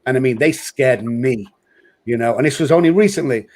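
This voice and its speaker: A man tells recovery stories in a lively, conversational way. He slips into the voices of the people he quotes and punctuates his lines with casual fillers. His voice sits at an ordinary middle pitch for a man. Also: a little fast. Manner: lively storyteller who acts out quoted voices. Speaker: host and recovery speaker.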